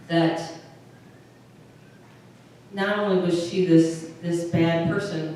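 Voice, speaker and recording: A woman pastor gives a sermon in conversational fashion, repeatedly stopping and restarting phrases, her voice low and dark in tone. A distant microphone captures her in a very echoey room where faint noise is audible.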